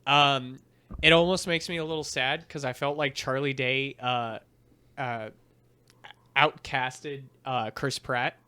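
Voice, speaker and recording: Bright-voiced man hesitating through a review. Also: medium pitch, takes it slowly, clean tone. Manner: steady, hesitant, lots of ums and uhs. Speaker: podcast co-host. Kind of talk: casual film review chat.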